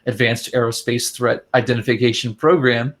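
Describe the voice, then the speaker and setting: A man giving measured, earnest interview answers as a guest investigator, with fillers and restarts. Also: medium pitch, steady tone, a bit bright.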